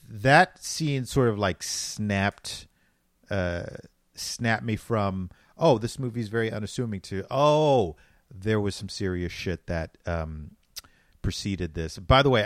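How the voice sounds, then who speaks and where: Low-voiced, easygoing American man. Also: no room sound, studio quality. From United States. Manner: easygoing, reflective, chuckling. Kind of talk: casual film discussion.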